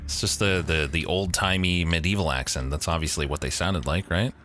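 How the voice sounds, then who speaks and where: A man's voice: low voice, fairly quick, fairly bright tone, a little hiss or hum. A man streaming a game live, giving casual, joking commentary and laughing often. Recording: game music playing behind the voice.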